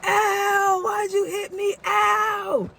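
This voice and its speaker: A man's voice: very high-pitched, level tone, drawn-out words, creaky, sharp tone, slight background noise, pitched above the performer's own voice, heavily acted. A man voicing a whiny, bloodied car thief in his late thirties who keeps pleading. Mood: whining. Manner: whining, pleading.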